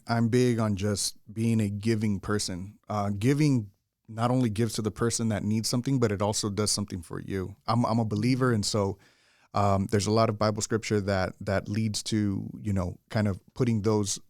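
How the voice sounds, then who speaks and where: A man's voice: fairly low pitch, darkish tone, no echo, clean studio sound. A man, a guest in a casual interview, talking earnestly in a rambling way with frequent restarts. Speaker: guest, general contractor.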